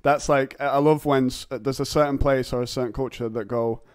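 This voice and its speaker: A man's voice: medium pitch, steady tone, clean tone, no echo, studio quality. A man with a Northern English accent hosting a casual podcast chat, joking and restarting his words often. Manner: jokey, quick restarts and repeated words. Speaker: podcast host.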